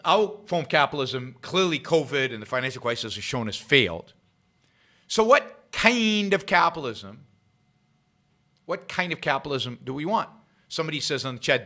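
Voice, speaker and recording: A man hosts his own livestream, giving a solo political commentary to a live audience in an argumentative way. His voice sits a little high and sounds bright and forceful. He hammers his points home by repeating phrases.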